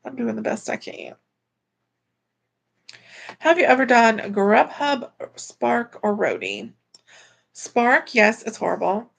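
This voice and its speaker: A woman's voice: fairly high pitch, sing-song, slow pace, creaky, pauses often. A woman livestreaming casually, chatting about her delivery driving work and reading viewer comments aloud as she goes. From Florida.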